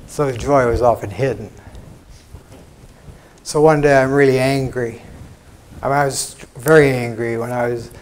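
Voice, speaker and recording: Older American male teacher, plainspoken spiritual lecture, mid-pitched voice, blunt asides. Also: fairly even intonation, normal speed, pauses often, a little mellow. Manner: frank, conversational, salty asides and mock quotes. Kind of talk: informal spiritual talk to an audience. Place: lecture hall.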